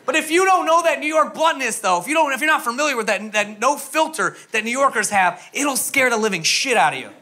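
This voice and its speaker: A man's voice: extremely high pitch, animated, fairly quick, few pauses, sharp tone. A young man from the US East Coast doing stand-up comedy, rambling and self-mocking with lots of fillers and tag questions.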